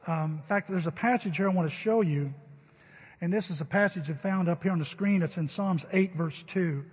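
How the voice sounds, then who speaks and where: A man's voice: high-pitched, normal speed, husky, in a large hall. A middle-aged man preaching a sermon in a church, telling stories in a conversational way. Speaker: pastor. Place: church sanctuary.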